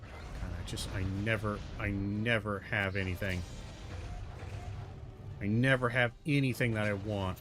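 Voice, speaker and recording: A man narrating his own gameplay, muttering and cursing in exasperation, with sudden loud outbursts. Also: fairly low pitch, steady tone, measured pace, long pauses, soft background music. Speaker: gaming video host. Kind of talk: let's-play commentary.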